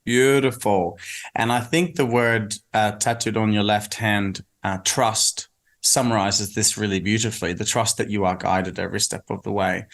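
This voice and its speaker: A man hosting an interview, warmly encouraging his guest and guiding reflective pauses. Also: lowish voice, fairly even intonation. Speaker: podcast host.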